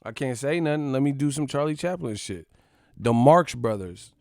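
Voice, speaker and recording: A man's voice: mid-range voice, expressive, moderate pace, creaky, a little mellow, dry recording, clean studio sound. Profane joking man ranting. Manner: profane, joking, rambling with laughs. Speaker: boxing channel host. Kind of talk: casual comedic rant.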